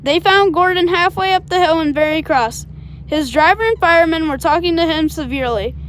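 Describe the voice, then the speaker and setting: High-voiced woman reading a storybook. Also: fairly quick, a bit bright, a little hiss or hum. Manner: unpolished reading with small slips and apologies. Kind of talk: reading a children's storybook aloud.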